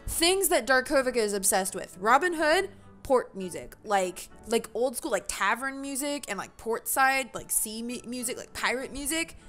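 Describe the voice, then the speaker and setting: A woman's voice: a little high, animated, normal speed, few pauses. Chatty woman playing a game. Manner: chatty, giggly, self-mocking asides. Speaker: game streamer. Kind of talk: casual gameplay commentary. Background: soft game music.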